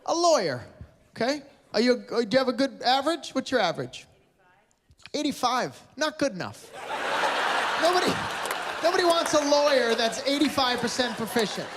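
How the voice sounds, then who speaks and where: A Canadian stand-up comic with a very high voice and big pitch swings does crowd work at a moderate pace, leaving long pauses. He's sarcastic, blunt and teasing with the audience in a large live venue full of laughter, and there's heavy background noise.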